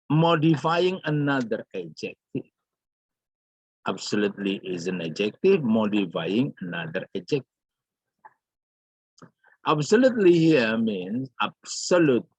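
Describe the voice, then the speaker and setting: Slow, husky-voiced male English teacher. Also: medium pitch, no room sound, poor audio. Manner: repeats example sentences and addresses the class with frequent fillers. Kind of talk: recorded grammar lesson.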